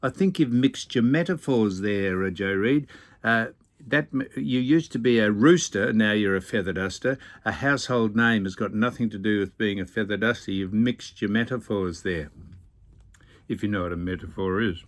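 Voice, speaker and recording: An older male vlog host with a lowish voice speaks at a moderate pace while on a boat. He goes through viewer comments casually, responding with teasing, dry, opinionated remarks.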